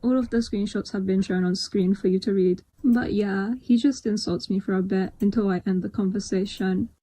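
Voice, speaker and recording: A woman in a clip explaining to viewers in a flat, matter-of-fact way. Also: medium pitch, moderate pace.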